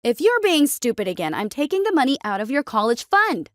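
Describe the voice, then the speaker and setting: A woman's voice: sits high, big pitch swings, a little fast, no room sound, clean studio sound, pitched above the performer's own voice. A woman voicing a stern, weary mother in a narrated story.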